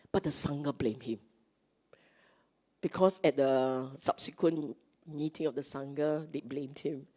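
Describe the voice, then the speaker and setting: A woman's voice: deep voice, slow pace, long pauses, a little mellow. A woman with a Singaporean English accent giving a chatty Dharma talk to a congregation. She often checks in with "okay?" and acts out the lines she quotes. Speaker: Dhamma teacher. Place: meeting hall.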